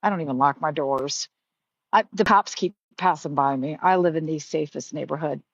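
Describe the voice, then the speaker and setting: A woman's voice: low-pitched, moderate pace, no echo. Woman, middle-aged, casual live-stream storyteller, chatty and heartfelt, dry muffled audio. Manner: chatty, rambling, heartfelt, many fillers. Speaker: livestream host.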